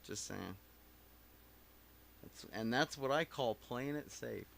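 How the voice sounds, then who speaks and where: A man's voice: medium pitch, slow pace, gravelly, a bit bright, a little hiss or hum. A man live-streaming from his home recording setup, chatting casually in a rambling, profane, self-mocking way.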